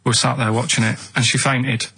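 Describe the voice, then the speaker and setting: Man, Mancunian accent, deadpan, rambling story, radio chat. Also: medium pitch, a little fast, vocal fry, slightly rough. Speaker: radio regular. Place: radio studio.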